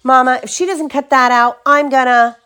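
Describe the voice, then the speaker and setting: A woman voicing a teasing big-brother bear cub in a children's storybook read-aloud, with a loud, teasing manner. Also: high-pitched, fairly even intonation, normal speed, clear, resonant tone, voice pushed up.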